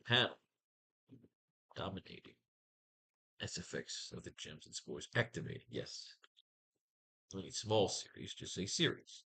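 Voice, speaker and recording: A man's voice: deep voice, animated, unhurried, vocal fry, long pauses, pushed and bright, breathy edge. A man running a casual comics writing class, thinking aloud and testing lines of dialogue, swearing freely and muttering to himself.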